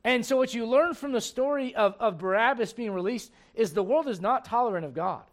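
A man's voice: very high-pitched, animated, fairly quick. A man preaching a sermon in an emphatic, conversational way, full of rhetorical questions.

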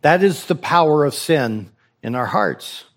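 A pastor preaches to his congregation in a slightly high, expressive voice, keeping a measured pace. He exhorts them, posing rhetorical questions and repeating phrases to emphasize his point.

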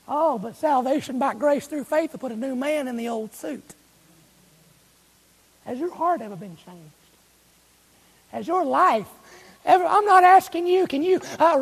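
High, gravelly-voiced male preacher. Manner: emphatic preaching with rhetorical questions to the congregation; slows and stretches key phrases. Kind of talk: sermon. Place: church sanctuary. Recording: long reverb of a church hall.

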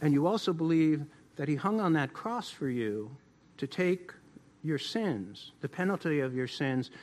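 A man preaching a sermon as pastor, building to emphatic declarations and then dropping low and slow to press a point. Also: lively intonation, darkish tone.

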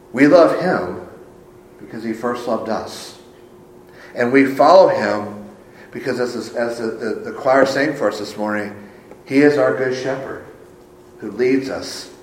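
Man preaching a sermon in an echoey church. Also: a little hiss or hum. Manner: swings from hushed low phrases to raised emphatic ones. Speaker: pastor. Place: church sanctuary.

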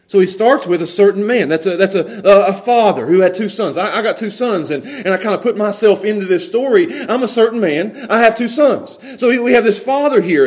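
A man preaching a sermon, animated, laughing often and repeating words as he goes. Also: high voice. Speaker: pastor.

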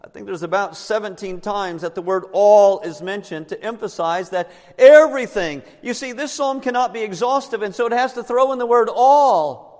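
A male pastor preaching a sermon to his congregation, emphatic and slowing down on key words. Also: high voice, darkish tone. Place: church sanctuary. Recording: long reverb in a large church.

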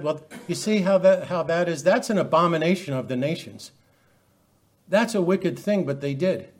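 A man's voice: a little high, lively intonation, moderate pace. A middle-aged male preacher delivers a sermon in a slightly raised voice. He talks emphatically and keeps putting pointed questions to his listeners. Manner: emphatic, many rhetorical questions.

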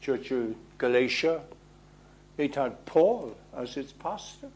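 A man preaches an emphatic sermon, posing rhetorical questions and shifting between loud declarations and hushed lines. His husky, medium-pitched voice swings widely in pitch, and he takes it slowly.

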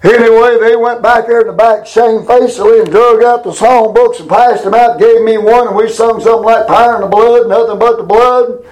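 Older guy preaching, kinda high voice, folksy, drags out the bible verses slow. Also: fairly even intonation, a little mellow, reverberant, poor audio. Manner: colloquial, drawls scripture slowly and with emphasis. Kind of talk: folksy sermon.

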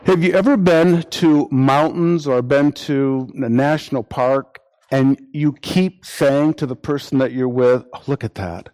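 A man preaching a sermon, repeating phrases for emphasis and acting out imagined quotes in lively voices. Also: mid-range voice, a little slow.

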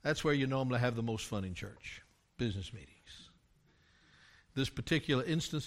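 In a medium-pitched voice, an older man delivers a sermon about something that happened during his time as a pastor, rising to loud, emphatic climaxes.

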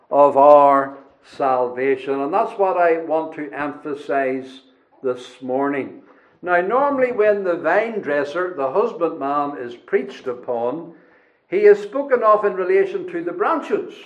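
A man delivering a sermon at an unhurried pace, weighing each phrase with pauses and emphasis. His voice sits high for a man. The recording is dull and lo-fi. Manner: measured, emphatic preaching with deliberate pauses. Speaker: preacher.

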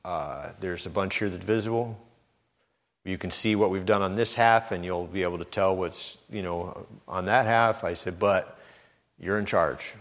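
Deep-voiced male preacher in a reverberant hall. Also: normal speed, fairly bright tone. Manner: conversational, repeats words, acts out quoted speech. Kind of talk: sermon with personal stories.

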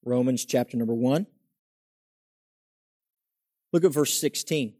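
A man preaching a sermon, reading scripture aloud slowly and then building to animated emphasis. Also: mid-range voice, no echo, studio quality.

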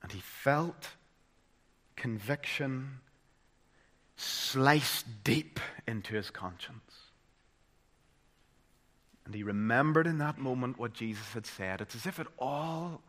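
A man with a Northern Irish accent preaching a sermon, moving from loud, dramatic emphasis to hushed, solemn tones. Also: mid-range voice, animated, slow pace, pauses often.

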